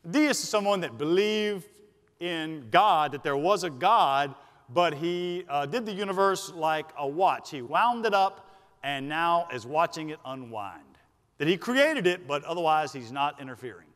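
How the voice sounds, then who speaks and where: High-voiced Southern pastor preaching in a hall. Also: male voice, lively intonation, a bit bright. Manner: emphatic, slows for stress, then rushes asides. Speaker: senior pastor. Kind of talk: sermon. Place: church sanctuary. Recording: long reverb of a church sanctuary.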